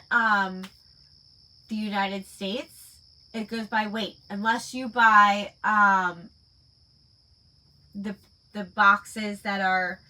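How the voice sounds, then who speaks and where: A woman chatting casually on a late-night stream, her voice bright and clear. She takes her time, drifting through her thoughts with plenty of "like" and "um" along the way. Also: medium pitch, poor audio. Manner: rambling, full of "like" and "um". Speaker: online shop owner hosting a live chat stream.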